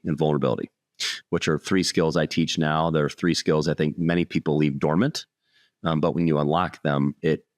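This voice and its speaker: A middle-aged man, a sales speaker, telling a personal story in an earnest, animated way during an interview. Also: low-pitched, no room sound, clean studio sound.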